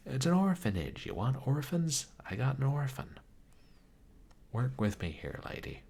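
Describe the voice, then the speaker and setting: A man streaming a text adventure who chats with viewers, mutters his typed commands and reads the game's narration aloud in a measured storytelling voice. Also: medium pitch, huge pitch swings, vocal fry, darkish tone, slightly rough. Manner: chatty, greets and thanks viewers, muses aloud over puzzles. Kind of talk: live game stream, reading game text aloud.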